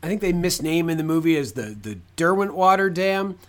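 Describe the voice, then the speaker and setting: A man co-hosts a film podcast. His voice sits a bit high, and he talks in a loose, chatty way with plenty of swearing and tangents. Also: expressive, brisk, a bit bright. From Canada. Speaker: podcast co-host. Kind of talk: casual film discussion.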